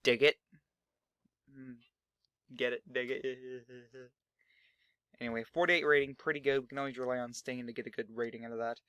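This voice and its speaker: A man's voice: mid-range voice, fairly even intonation, a little fast, pushed and bright, clean tone, dry recording, clean studio sound. A young man hosting a gaming channel, talking through his game in a rambling, chatty way and swearing freely. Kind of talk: casual let's-play commentary.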